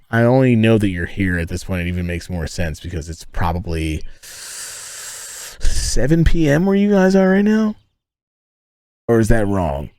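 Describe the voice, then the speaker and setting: Male streamer, low voice, dry close sound, loose profane banter with chat. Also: darkish tone, dry recording. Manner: rambling, profane, joking, talks to chat. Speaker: streamer chatting with viewers. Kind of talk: casual live-stream chat. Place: inside a tent.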